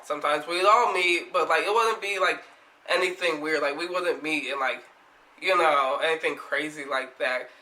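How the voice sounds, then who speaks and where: A young woman vlogger telling a story in casual chat, animated, laughing often and swearing freely. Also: sits low, normal speed, reverberant, noisy background.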